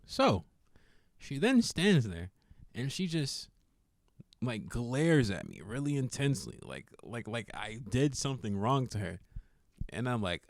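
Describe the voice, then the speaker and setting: Animated young man telling a story. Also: medium pitch, measured pace, long pauses. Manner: animated, laughs often, acts out quotes. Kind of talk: casual storytelling.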